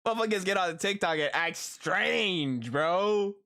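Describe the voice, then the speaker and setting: A man's voice: high voice, a little slow. A man live streaming, telling stories in a casual, slangy way, swearing freely. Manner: animated, slangy, swears freely, breaks into laughter. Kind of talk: casual storytelling chat.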